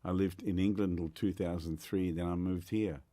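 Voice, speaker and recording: An older Australian man, a guest musician, telling stories in a chatty, animated way with lots of fillers in a radio interview. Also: sits low, normal speed, no echo. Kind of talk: casual storytelling in a radio interview.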